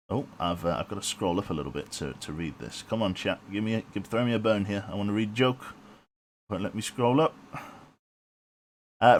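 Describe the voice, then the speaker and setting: Over a noisy background hum, a man chats through a live stream of a submarine game, rambling in a dry, self-deprecating way. His voice sits low and his pace is moderate.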